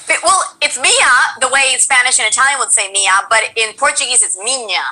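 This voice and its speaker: A woman voice actor chatting casually on a stream, animated and chatty. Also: fairly high pitch, a little fast, rough recording. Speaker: voice actor guest.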